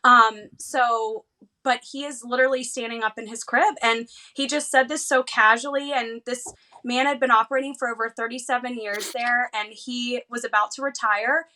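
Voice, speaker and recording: A woman in her thirties from the United States, a guest telling an emotional personal story with lively quoted dialogue. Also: a little high. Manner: animated, fast retelling with lively quoted dialogue. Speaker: interview guest.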